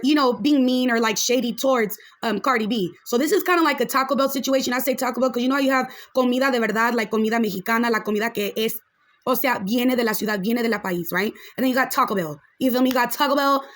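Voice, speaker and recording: A woman hosting a podcast, giving frank, chatty reaction commentary on a video and dropping in a few Spanish phrases. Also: fairly high pitch.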